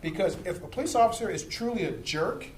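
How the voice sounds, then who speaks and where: A fairly high-voiced man, a police lieutenant, lays out how stops and complaints work, jumping into little acted scenes along the way. His voice rings around an echoey room with a faint hiss underneath. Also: quick pace. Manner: animated, acts out street scenes. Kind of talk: explaining to a group.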